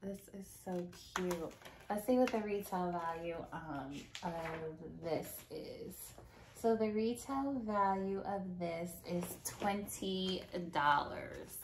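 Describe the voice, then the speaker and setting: Woman vlogger, casual unboxing chat, slow and gushy, noisy recording. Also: on the low side. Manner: gushing, excitable, repeats herself.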